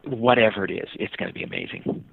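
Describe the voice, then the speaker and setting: An American man, a guest on a podcast, telling a travel story in an animated way and acting out the voices of the people in it. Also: quick pace, gravelly, breathy edge. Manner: acts out quoted voices with big pitch jumps. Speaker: guest, touring cyclist and author. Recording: dry, tinny phone-line sound.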